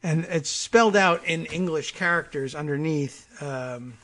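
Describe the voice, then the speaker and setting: A man's voice: a little high, a little slow, sharp tone. A man hosting a morning talk radio show, thinking aloud and reading out online posts in a casual, rambling way.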